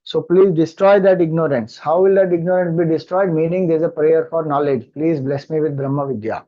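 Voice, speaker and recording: A man with an Indian English accent giving a scripture discourse, chanting mantras slowly and then explaining them. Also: on the high side, steady tone, muffled recording. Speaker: spiritual teacher.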